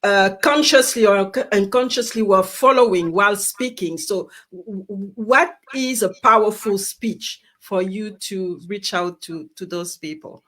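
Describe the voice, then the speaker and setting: A woman's voice: medium pitch, measured pace, hardly any pauses, fairly bright tone. A woman hosting an interview, asking long questions hesitantly and repeating her words as she goes. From Australia. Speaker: interview host.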